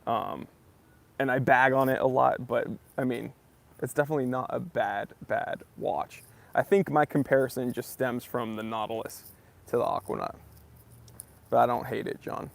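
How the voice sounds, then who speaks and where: Chatty young man, gravelly voice. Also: mid-range voice, steady tone, moderate pace. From southern New Hampshire. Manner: chatty, greets viewers by name. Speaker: live-stream host. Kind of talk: casual live-stream chat.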